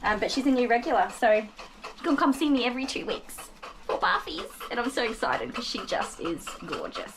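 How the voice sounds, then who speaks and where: A woman's voice: fairly high pitch, lively intonation, fairly quick. An Australian woman, a dog groomer, chatting on a live stream and gushing over dogs in baby talk. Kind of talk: casual live-stream chat. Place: small grooming shed with dogs. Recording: noisy room with clippers and dogs.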